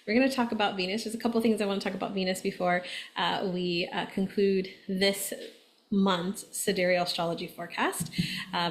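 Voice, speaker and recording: A woman hosting an astrology forecast, talking casually to her viewers, acting out quoted voices and checking in with "right?". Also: medium pitch. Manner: chatty, animated, acts out quoted voices, many "right?" tags. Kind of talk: casual conversational explanation to viewers.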